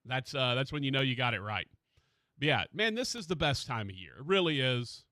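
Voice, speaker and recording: A man hosting a sports radio show in a studio, chatting casually and excitedly about college basketball. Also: mid-range voice, a little fast, no echo.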